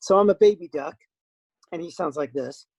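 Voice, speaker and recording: An older man, a voice actor, telling stories in a lively, self-deprecating way as an interview guest. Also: fairly high pitch, normal speed, slightly rough, dry recording, lo-fi sound. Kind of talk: casual interview chat.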